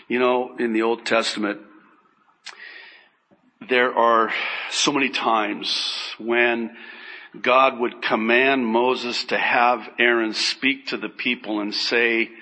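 Male preacher, slow deliberate delivery, bright tone, emphatic rises on key words. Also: flat delivery. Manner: emphatic, rising sharply on key phrases then dropping low; quotes scripture with heavy stress on single words. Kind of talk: sermon.

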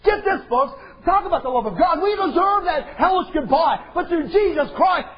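A male preacher delivering an impassioned sermon, swinging between shouted lines and quiet asides. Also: extremely high pitch, lively intonation, normal speed, some chatter behind. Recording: dull lo-fi sound.

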